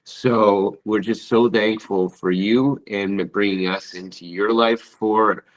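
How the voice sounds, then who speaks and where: Deep-voiced man, heartfelt and emotional. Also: fairly even intonation, takes it slowly, low-quality recording. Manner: heartfelt, emotional, searching for words. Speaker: interview guest, accessibility advisor. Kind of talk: casual interview.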